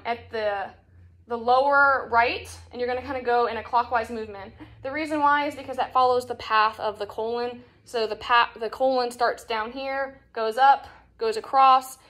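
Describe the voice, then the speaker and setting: A young woman with a slightly high voice teaches a nursing assessment as she demonstrates on a partner. She talks in a casual, explanatory way, full of fillers and quick restarts. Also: fairly bright tone. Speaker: nursing instructor. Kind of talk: demonstration lesson.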